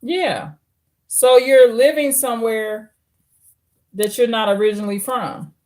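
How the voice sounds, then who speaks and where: A woman's voice: fairly high pitch, steady tone, a little slow, darkish tone. A woman, chatting casually on a livestream, reading viewer comments and giving blunt advice straight to the camera. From United States. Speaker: livestream host.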